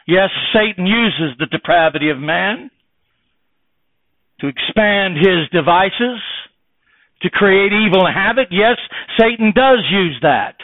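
Preacher on a tinny, dry line. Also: male voice, lively intonation, takes it slowly, no room sound. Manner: impassioned preaching, swinging from loud exhortation to low earnest tones; rhetorical questions and King James scripture phrasing. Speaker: pastor. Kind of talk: sermon. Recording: dry, tinny phone-like sound.

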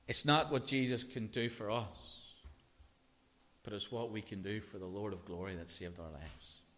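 A man preaching a sermon as pastor, emphatic and repetitive, swinging between hushed and loud. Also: lowish voice, moderate pace, a little hiss or hum. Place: church. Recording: long reverb of a church hall.

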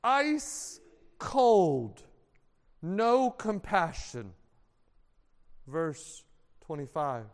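A man with a high-pitched voice preaches in a dramatic storytelling style, slipping into the voices of the people in the story. His sermon rings out in a hall with a long reverb. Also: sing-song, extremely slow, long pauses. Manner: acts out scenes with voices for the characters.

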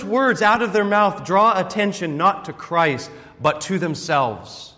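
Male preacher, high-pitched, earnest and explanatory, heard in a long-reverb sanctuary. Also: measured pace, hardly any pauses, pushed and bright. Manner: earnest teaching tone with rhetorical questions. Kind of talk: expository sermon.

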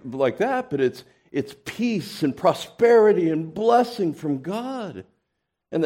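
A man delivers a sermon in a lively, animated voice. His pitch rises and falls widely. He speaks conversationally with restarts, then swells into loud emphatic points before dropping to quiet asides. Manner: animated preaching with sudden loud emphatic peaks and soft asides; conversational, repeats words and restarts. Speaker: pastor.

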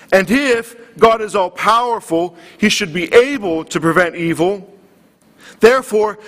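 A man's voice: high-pitched, fairly bright tone. A man preaching a sermon, earnest and building in intensity. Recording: long hall reverb.

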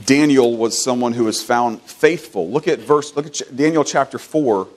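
A man delivers a sermon emphatically at a normal speed, repeating phrases as he goes. He swings between loud, high-pitched exhortation and quiet, low asides.

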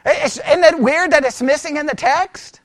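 A man teaching scripture in a conversational sermon, animated and full of rhetorical questions. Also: extremely high pitch, normal speed, no echo, clean studio sound. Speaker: pastor teaching.

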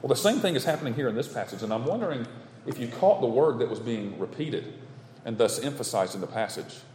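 A man preaching a sermon from the pulpit, stressing his points through steady repetition. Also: mid-range voice, fast talker, a little hiss or hum. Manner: emphatic, repetitive preaching cadence. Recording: echoey hall with long reverb.

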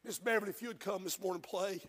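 High, bright preacher in a church. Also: male voice, steady tone, fast talker. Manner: swings from hushed storytelling to shouted fervent preaching. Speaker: pastor. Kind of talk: sermon. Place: church sanctuary. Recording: long hall reverb of a church.

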